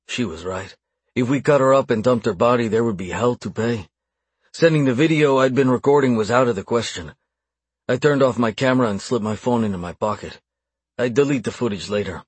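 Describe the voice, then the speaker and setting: A man narrating a dark romance audiobook in a low, hushed, measured first-person voice. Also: breathy edge, no room sound.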